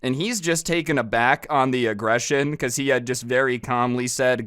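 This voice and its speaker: A man tells a storytime in a casual, exasperated tone with sarcastic asides. His voice is smooth and clear. The sound is dry and close to the mic. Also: mid-range voice, moderate pace, hardly any pauses, fairly bright tone, dry recording. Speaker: storytime vlogger. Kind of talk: storytime narration.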